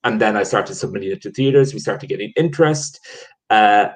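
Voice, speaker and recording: A man's voice: on the low side, normal speed, poor audio. A man from Ireland, a theatre producer, telling stories in a casual video-call chat with many restarts. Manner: rambling, many restarts and fillers.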